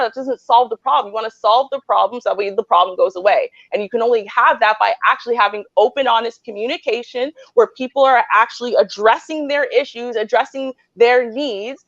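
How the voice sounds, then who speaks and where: A woman's voice: on the high side, dry recording, highs cut off. A married woman host earnestly explaining her view on relationships, often checking in with "right?". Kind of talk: relationship advice debate.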